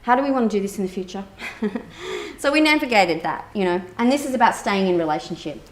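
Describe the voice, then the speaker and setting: Woman therapist, keynote speaker, animated storyteller who acts out dialogue, casual with fillers, middle-range voice. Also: mid-range voice, fast talker. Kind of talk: conference keynote talk, personal storytelling.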